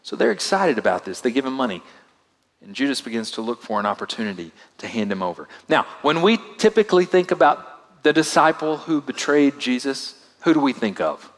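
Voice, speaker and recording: A male pastor preaching a sermon, swinging from loud emphatic lines to hushed, quiet asides. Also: medium pitch, very animated, fairly quick. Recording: long hall reverb.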